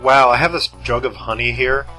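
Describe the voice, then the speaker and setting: A man's voice: medium pitch, brisk, sharp tone, soft background music, poor audio. A man co-hosting a casual podcast chat, joking and wry. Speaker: podcast co-host.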